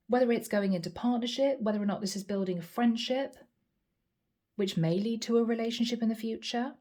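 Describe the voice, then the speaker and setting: A woman giving a channeled tarot reading, speaking calmly and reassuringly, addressing the listener directly and repeating key phrases. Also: on the high side, fairly quick. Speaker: tarot reader.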